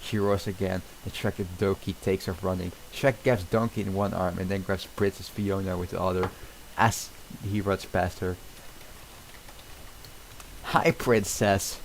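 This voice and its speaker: Low-voiced man stumbling through a script. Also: flat delivery, normal speed, gravelly, slight background noise, rough recording. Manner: stumbles and restarts often, casual asides. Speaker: streamer. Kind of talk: reading a film script aloud.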